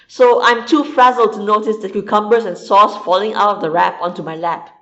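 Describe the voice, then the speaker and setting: A woman's voice: medium pitch, highs cut off. A woman reading a first-person story aloud in a dry, wry food-diary manner. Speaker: story reader. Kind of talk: scripted first-person narration.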